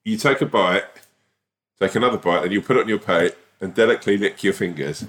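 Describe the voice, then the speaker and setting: A man's voice: fairly low pitch, fast talker, a bit bright. A young man co-hosting a podcast in casual chat, teasing and laughing often. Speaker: podcast co-host.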